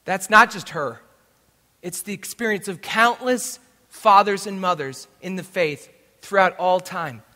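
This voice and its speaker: Guy preaching at a live event, high voice, big reverby hall, goes loud then real quiet. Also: unhurried. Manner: dramatic, swings between loud retellings and hushed asides. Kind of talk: sermon storytelling.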